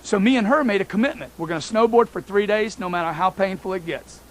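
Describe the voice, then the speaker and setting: High-voiced emphatic male motivational speaker. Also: quick pace. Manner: emphatic, repetitive, addresses listeners as folks. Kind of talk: motivational talk.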